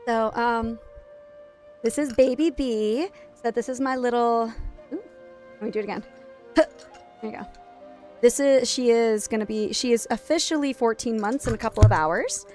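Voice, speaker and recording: A woman streaming from home late at night, chatting casually, laughing often and cooing softly to her toddler. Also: fairly high pitch, normal speed, pauses often, soft background music. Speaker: game streamer and mother. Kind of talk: casual live-stream chat.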